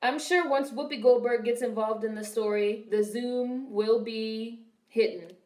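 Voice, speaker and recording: A woman's voice: fairly high pitch, a little slow, a little mellow, roomy sound. A young woman casually commenting on a film during a live stream, swearing freely and answering her chat. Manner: chatty, swearing, reads and answers viewer chat.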